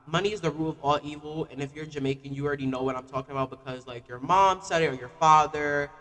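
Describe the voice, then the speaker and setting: A man's voice: a little high, fast talker, in a large hall. A man ranting casually on a live stream, full of "like" fillers. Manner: animated, repetitive "like" fillers.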